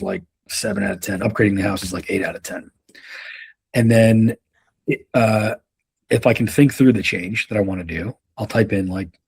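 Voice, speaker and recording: A man with a slightly low, husky voice leads a sales coaching session. He talks loosely and profanely, with plenty of restarts and anecdotes. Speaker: sales leadership trainer. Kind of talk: casual coaching talk.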